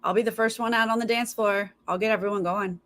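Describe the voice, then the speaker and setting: A woman's voice: medium pitch, steady tone, fast talker, a bit bright. A woman hosting a live stream, chatting casually with viewers and mimicking other people's voices in her stories. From Los Angeles. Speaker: live stream host reacting to a TV show.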